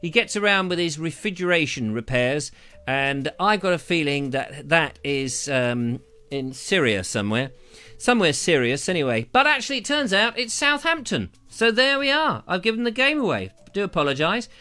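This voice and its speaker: Bright, lively, jokey British man. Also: a little high, normal speed, clean tone. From Britain. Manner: jokey, chatty, digressive. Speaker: host of a live show. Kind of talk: rambling live-stream chat reading viewer comments. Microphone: lavalier mic.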